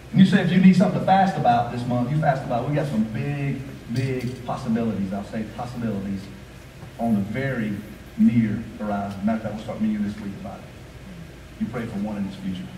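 A male pastor preaching a sermon, rhythmic and repetitive, swinging between quiet asides and raised, emphatic lines. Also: medium pitch, brisk, a little hiss or hum. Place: church sanctuary. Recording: echoey hall, voice from a distance, faint ambience.

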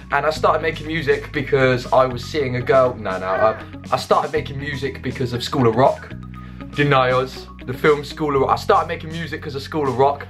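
A man's voice: mid-range voice, fairly bright tone. A young man with an English accent, chatting casually on camera at home. He rambles and restarts often, cracking jokes at his own expense. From England. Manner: jokey, rambling, self-mocking, with quick restarts. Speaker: YouTuber and songwriter. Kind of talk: casual Q&A vlog.

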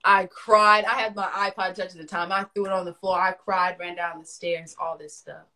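Lower-pitched young woman telling a story. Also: a little fast. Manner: animated, swinging loudness. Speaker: livestream co-host. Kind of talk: casual storytelling. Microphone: phone livestream.

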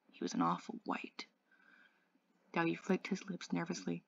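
A woman reading a novel aloud as an English tutor, measured and even. Her voice is low with a gravelly fry. The recording is dry and dull. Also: dry recording.

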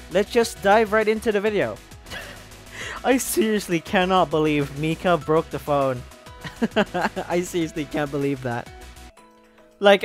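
A gaming YouTuber giving rambling, excitable let's-play commentary, full of fillers. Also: medium pitch.

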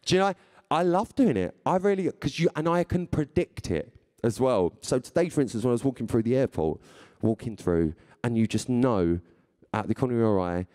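At a live event, a man in his thirties who presents on radio and TV reads tweets aloud to the audience, playful and chatty and laughing frequently. His medium-pitched voice is mellow with lively intonation, and he talks a little fast.

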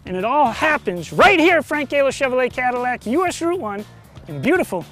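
A man's voice: very high-pitched, big pitch swings, fairly quick, fairly bright tone, faint music behind. A man co-hosting a local TV car-sales show, upbeat, listing features and urging viewers to hurry in. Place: car dealership lot.

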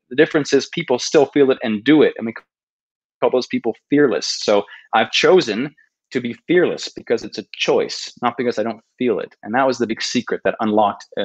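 Through a podcast microphone and a muffled recording comes the husky, mid-range voice of a man in his thirties who makes travel videos. As a guest in a laid-back storytelling interview, he recounts his story earnestly, poking fun at himself and often beginning sentences again.

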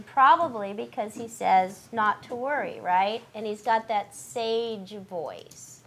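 A woman's voice: fairly high pitch, sharp tone. A woman coaching a voice actor through a live audition read, chatty and encouraging. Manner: chatty and encouraging, quick asides and laughs. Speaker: voice-over coach. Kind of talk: directing a live audition session.

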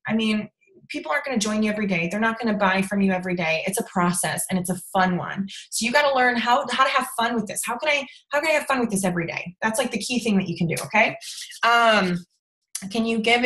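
A young woman leading a casual sales training over a video call, chatty and animated, with lots of fillers and laughter. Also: fairly quick, roomy sound. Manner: acts out quoted voices with big pitch jumps. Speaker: sales team leader training her team.

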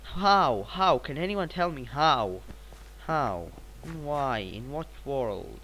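Bright-voiced excitable young gamer guy. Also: mid-range voice, slow, a little hiss or hum, rough recording. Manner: excitable, rambling, bursts of repeated exclamations. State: sick. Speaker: gaming channel host. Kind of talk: gameplay commentary.

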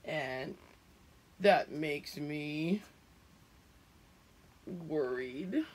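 A middle-aged woman, a preschool teacher at home, reading a picture book aloud to small children in a gentle, singsong way. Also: low-pitched, animated, normal speed, creaky, slightly rough. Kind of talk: children's storybook read-aloud.

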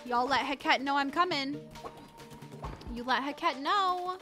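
A woman host giving chatty, excitable gameplay commentary to her viewers. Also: high voice, measured pace. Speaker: gaming channel host. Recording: game music behind voice. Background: game music.

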